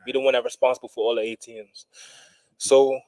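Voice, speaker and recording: A man co-hosting a podcast, telling a story in a relaxed, wry way and laughing at his own tale. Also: mid-range voice, quick pace, no echo, rough recording. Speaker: podcast co-host. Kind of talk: casual storytelling chat. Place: small studio room.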